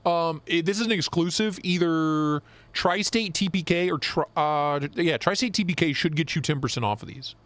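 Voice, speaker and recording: A young man co-hosting a live stream, chatting casually and swearing as he jokes and gets excited. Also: on the high side, normal speed, hardly any pauses, dry recording. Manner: excited, profane, joking. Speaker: knife show co-host.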